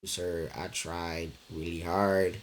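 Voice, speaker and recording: A young man with a low, deep voice tells a personal story straight to his audience. He talks slowly and loosely, circling back over the same words, and peppers it with fillers and swearing. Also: little pitch movement, slight background noise. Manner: rambling, repeats himself, heavy fillers and swearing. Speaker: vlogger. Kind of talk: casual storytelling chat.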